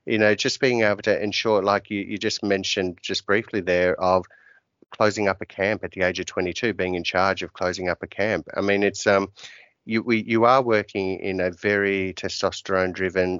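Deep-voiced man hosting a podcast. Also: fairly bright tone, clear, resonant tone, dry recording, dull audio. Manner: long rambling questions. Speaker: podcast host. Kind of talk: podcast interview.

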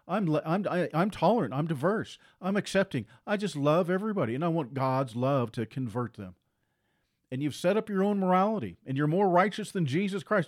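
Speaking a little fast and with great expression, a man preaches a sermon full of forceful repetition. His voice keeps climbing higher and louder as he presses his points.

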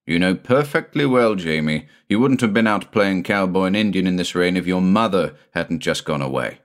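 A man's voice: sits low, animated. A man reading a story aloud, voicing a stern but kindly doctor who scolds and teases his young son. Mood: stern teasing. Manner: brisk, scolding, gently teasing.

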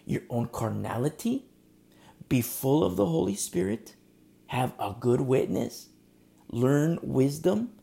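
A male pastor preaching a sermon in an earnest, direct, confrontational way, swinging between soft near-whispers and loud emphatic lines. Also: medium pitch, creaky.

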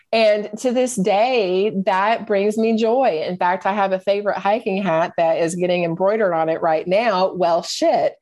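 A woman's voice: mid-range voice, darkish tone. A middle-aged woman talking as a podcast guest, candid and reflective, often searching for her words. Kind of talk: personal storytelling in conversation.

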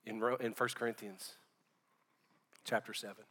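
A man's voice: mid-range voice, normal speed, pauses often, a bit bright, in a large hall. A man preaching a sermon as pastor, fervent and conversational, dropping casual slang as he talks.

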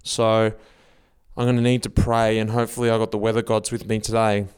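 A man's voice: on the low side, flat delivery, brisk, darkish tone, clean tone, dry recording, studio quality. A man hosting a cycling podcast outdoors, chatting upbeat with fellow riders along the route. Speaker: podcast host. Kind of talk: casual chat while cycling.

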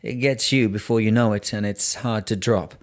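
A gruff old sea captain near retirement, as a male narrator reads him, growling and bitter. The voice sits low and grumbles through every line, testy and hard to please. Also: fairly even intonation, normal speed, close to an everyday voice. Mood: grumbling. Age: 60s. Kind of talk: audiobook character voice.

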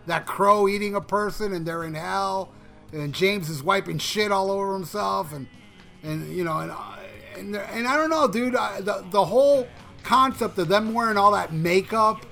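A man's voice: sits high, vocal fry, bright, forceful tone. A man co-hosting a casual music review chat, rambling with lots of swearing and restarts. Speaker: music podcast co-host reviewing songs.

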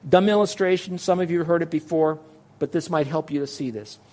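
Guy preaching, fairly high voice, earnest, keeps asking the crowd questions. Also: brisk, darkish tone. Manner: earnest, speaks straight to listeners with rhetorical questions. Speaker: pastor. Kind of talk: sermon.

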